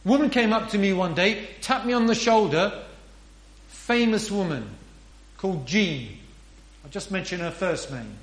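Guy preaching, really high voice, slow and deliberate, asks lots of rhetorical questions. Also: animated. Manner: earnest, emphatic, with repeated rhetorical questions. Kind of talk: sermon. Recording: roomy echo.

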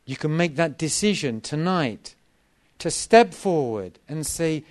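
A middle-aged man preaches to a gathering, taking his time over each phrase. His voice is slightly high for a man and swoops widely up and down, and he drives points home by repeating them. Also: measured pace. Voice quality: lively, swooping delivery with emphatic repetition. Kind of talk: sermon.

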